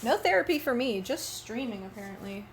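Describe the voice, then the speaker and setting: A woman's voice: fairly high pitch, expressive, fairly quick, slight background noise. A woman live streamer in candid casual chat, rambling and giggly, openly emotional, speaking into a desk microphone at home.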